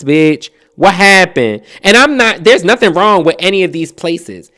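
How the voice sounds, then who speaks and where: A man from New Jersey with a Jersey accent, hosting a podcast as a casual storytelling monologue, animated and profane, laughing often and slipping into mimicked accents. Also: high-pitched, measured pace, hardly any pauses. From Trenton, New Jersey. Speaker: podcast host.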